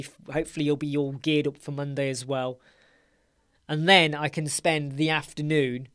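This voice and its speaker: A man's voice: on the high side, a bit bright, clear, resonant tone, dry recording, studio quality. Tired, chatty English man hosting a live Q&A. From England. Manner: chatty, greets viewers by name, repeats words. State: tired, yawning. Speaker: livestream host. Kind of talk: casual live Q&A chat.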